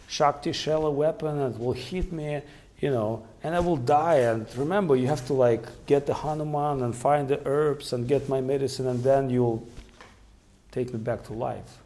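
A man's voice: a little high, normal speed, darkish tone, close to an everyday voice. A man voicing an eager little boy who instructs other children about a play.

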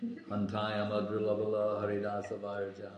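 A man giving a scriptural lecture as a spiritual teacher, speaking deliberately with many pauses and fillers. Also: lowish voice, completely flat delivery, a little mellow, slight background noise. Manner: slow and deliberate, pausing with fillers. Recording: very echoey room.

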